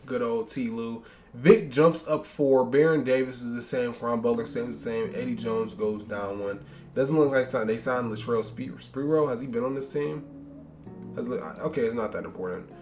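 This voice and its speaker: A young man talks loosely through a basketball sim at a middle pitch, rambling and reacting to numbers. He sounds weary from hours of recording. Quiet music plays under his voice. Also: normal speed. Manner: chatty, rambling, reacts to stats, tired and yawning. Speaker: gaming YouTuber. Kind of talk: casual sports game commentary.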